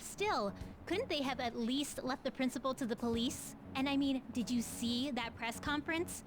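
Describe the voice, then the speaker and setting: A woman's voice: sits high, normal speed, close to an everyday voice. Woman voicing a judgmental schoolgirl in a game. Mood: disapproving. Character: gossiping female high school student. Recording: game audio under background music.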